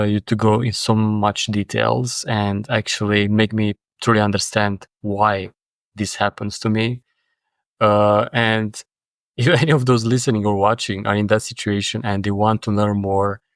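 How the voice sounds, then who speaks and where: Low-voiced man hosting an interview. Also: dry recording. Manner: hesitant, uses fillers, thoughtful. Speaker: podcast host. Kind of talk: conversational interview.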